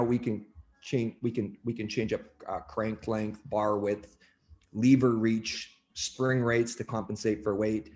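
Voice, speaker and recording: A man, an athletic coach, talking on a podcast, telling stories in a lively way full of fillers and restarts. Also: mid-range voice. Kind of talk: podcast conversation.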